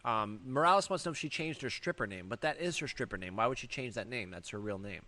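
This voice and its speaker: A man's voice: medium pitch, expressive, fast talker, pushed and bright. A man hosting a casual comedy podcast, riffing loosely and laughing through odd stories. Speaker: podcast host.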